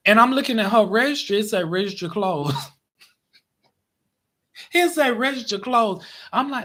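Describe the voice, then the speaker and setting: A man's voice: normal speed, pauses often. A man telling a casual, exasperated story to his viewers, with big swings in his voice. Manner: animated, exasperated retelling with big pitch swings. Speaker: vlogger.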